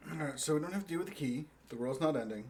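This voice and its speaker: A man playing in a tabletop game, speaking quickly and quizzically. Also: a little high, lively intonation, a little mellow. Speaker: player. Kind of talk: tabletop role-play chat.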